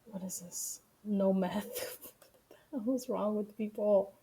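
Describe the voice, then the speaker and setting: A woman streaming live and reacting to news clips in a loose, casual way. She talks bluntly and swears freely, laughing easily between remarks. Her voice sits at an ordinary middle pitch. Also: steady tone, mellow, a little hiss or hum. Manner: profane, blunt, quick to laugh.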